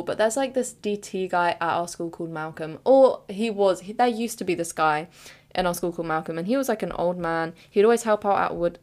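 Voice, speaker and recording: A woman telling a chaotic, giggly personal story on her podcast. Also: fairly low pitch. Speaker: podcast host.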